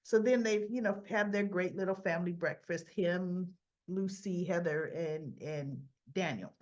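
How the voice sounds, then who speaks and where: A woman with a fairly low, darkish voice hosts a soap opera recap at an unhurried pace, and the high frequencies are cut off. She's chatty and opinionated, acting out the characters' lines as she goes.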